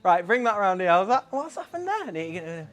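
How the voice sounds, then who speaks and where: A man's voice: high voice, very animated, fairly quick, a bit bright. Chatty man hosting a live stream. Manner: chatty and rambling, reading out viewer comments. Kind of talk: casual live-stream chat.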